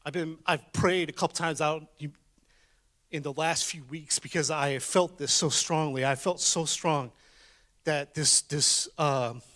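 A man preaching a sermon, telling a personal story in a conversational way, then swinging between rising emphatic calls and hushed whispers. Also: on the high side, a little slow.

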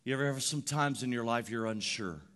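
A man preaching a sermon, moving from quiet, reflective phrases to loud, repeated, emphatic declarations. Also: medium pitch, brisk. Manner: repetitive, rhythmic emphasis. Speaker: pastor.

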